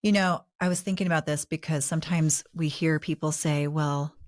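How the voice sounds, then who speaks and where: A woman co-hosting a relationship advice talk, explaining ideas in a measured, teacherly way. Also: sits low, fairly even intonation, darkish tone, no echo, studio quality. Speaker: podcast co-host.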